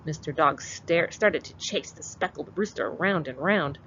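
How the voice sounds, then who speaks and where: A kindergarten teacher, a woman, reading a picture book aloud to children and walking them through it in an expressive way. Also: low voice, unhurried. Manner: expressive, animated read-aloud. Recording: dull lo-fi with faint hiss.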